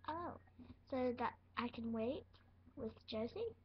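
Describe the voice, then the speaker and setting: A woman's voice: on the high side, animated, slow pace, muffled recording, a little hiss or hum. A woman voicing a small scared young pet patient in a toy role-play, whiny and nervous, near tears.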